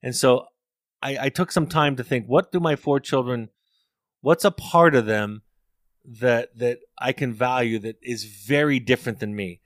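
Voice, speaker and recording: A man's voice: mid-range voice, normal speed, dry recording, studio quality. A middle-aged man, a therapist and author, talking earnestly and telling stories in an interview, often repeating words as he thinks. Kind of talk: reflective interview talk.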